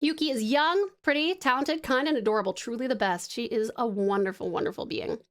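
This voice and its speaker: A Tasmanian woman with an Australian accent chats casually on a live stream, her voice slightly high and fairly quick. Bubbly and affectionate, she swears freely, laughs a lot, and rambles as she sketches.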